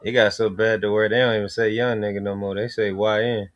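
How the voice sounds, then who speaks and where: A man's voice: on the low side, little pitch movement, brisk. A man from Florida with a Southern accent, chatting in a laid-back drawling way on a podcast. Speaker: podcast co-host. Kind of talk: casual chat.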